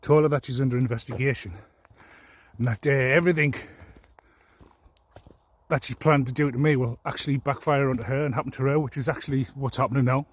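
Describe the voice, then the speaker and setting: Husky man on a profane angry rant. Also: mid-range voice, steady tone, fairly quick. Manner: profane, aggrieved, rambling. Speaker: vlogger.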